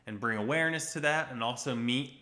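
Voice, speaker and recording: Bright-voiced man chatting casually on a livestream. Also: mid-range voice, fast talker. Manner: easygoing, chatty, reacts to viewer comments. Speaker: co-host of a couple's livestream. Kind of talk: casual live chat.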